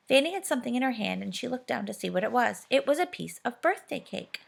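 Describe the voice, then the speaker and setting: Woman storybook reader, gentle and steady, slightly raspy voice. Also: fairly high pitch, fast, few pauses. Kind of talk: reading a storybook aloud.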